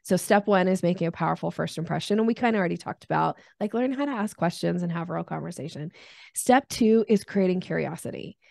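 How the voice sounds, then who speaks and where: A middle-aged woman talks sales in a relaxed interview, her voice carrying a slight fry. She animates her points with quick acted-out voices. The sound is close and dry, with no room around it. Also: lowish voice, dry recording. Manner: animated, acts out voices in examples. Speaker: sales expert guest. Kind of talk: casual interview chat.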